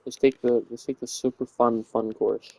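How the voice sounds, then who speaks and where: A man's voice: medium pitch, flat delivery, moderate pace, gravelly, warm tone, no room sound. A young man giving a rambling, playful tour of a Minecraft build, often correcting himself as he goes. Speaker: Minecraft server tour guide. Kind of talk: casual gameplay commentary. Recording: dull, dry home recording.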